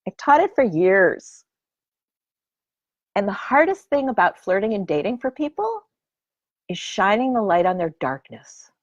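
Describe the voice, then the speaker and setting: A woman who teaches flirting and dating, talking casually in an animated, expressive way. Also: mid-range voice, unhurried, long pauses, no room sound, dull audio. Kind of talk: casual talk.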